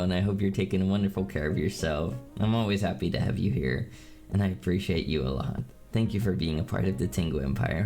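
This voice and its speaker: A man streaming live with a slightly worn, gravelly voice, reading chat messages and joking with playful mock-menacing teasing. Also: sits low, a little mellow.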